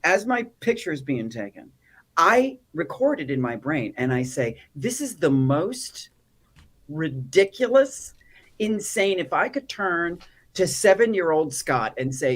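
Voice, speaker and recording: Woman guest telling funny stories, voice swoops all over, acts out the quotes. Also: low voice. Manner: animated, comic storyteller who acts out quotes. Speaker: actor and activist guest. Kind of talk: storytelling in a casual interview.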